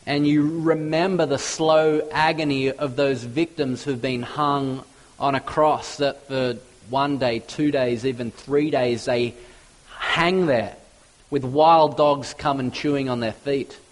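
A man preaching a sermon with passion, stacking up lists that climb to loud peaks and then dropping low and hushed. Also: fairly even intonation, takes it slowly, rough recording.

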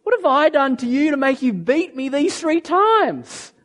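A man voicing a meek, aggrieved talking donkey in a high, plaintive voice. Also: sing-song, measured pace, fairly bright tone, full character voice.

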